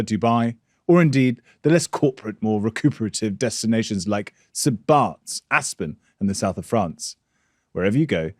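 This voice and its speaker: A man hosting a podcast, explaining at a measured pace with some stammering restarts. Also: mid-range voice, darkish tone, dry recording, studio quality. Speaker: podcast host. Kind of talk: interview and read ad.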